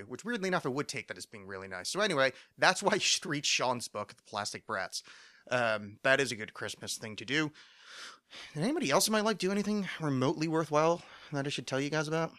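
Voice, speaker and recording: A man's voice: on the high side, very animated, fast, pushed and bright, no room sound. A man hosting a solo podcast, rambling and self-mocking with many fillers and profanity, his throat a bit phlegmy. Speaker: podcast host. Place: home studio.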